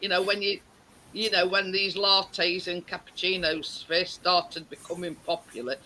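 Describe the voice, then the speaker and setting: A man's voice: sits high, flat delivery, measured pace, pushed and bright, slight background noise, poor audio. A man chatting casually and laughing often on a live stream. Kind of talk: casual chat.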